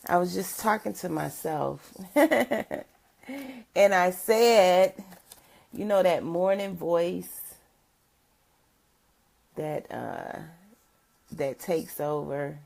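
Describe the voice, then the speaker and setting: An older woman giving a casual livestream chat as a motivational speaker, with a rough morning voice. She is chatty, greets viewers by name and laughs often. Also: on the low side, lively intonation, drawn-out words, pauses often, a little mellow.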